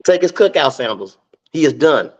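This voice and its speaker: A man's voice: fairly high pitch, lively intonation, moderate pace. A middle-aged man, a comedian guesting on a podcast, chatting casually and repeating words as he searches for them. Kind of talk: casual chat.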